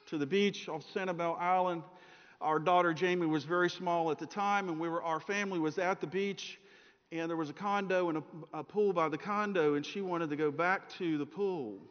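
Middle-aged preacher guy, highish voice, storytelling sermon, muffled sound with long hall echo. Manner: storytelling, acts out voices in anecdotes. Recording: dull sound in a reverberant hall.

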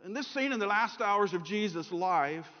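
A man's voice: high-pitched, expressive, moderate pace. A middle-aged man preaching a sermon, telling stories and acting out the voices in them. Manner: storytelling, acts out voices in anecdotes. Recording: dull sound in a reverberant hall.

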